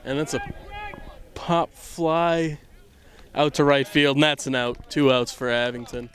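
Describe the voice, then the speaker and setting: A man calling a baseball game outdoors on a handheld microphone, rambling and self-deprecating, often dropping to a hush. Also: mid-range voice, a little slow, smooth, faint music behind. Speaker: play-by-play commentator. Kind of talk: casual joking sports commentary. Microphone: handheld microphone with earbuds.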